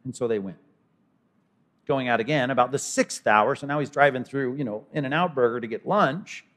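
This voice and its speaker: A pastor delivers an expository sermon in a medium-pitched voice at a normal speed. He talks conversationally and animatedly, slipping into characters' voices and acting them out in asides.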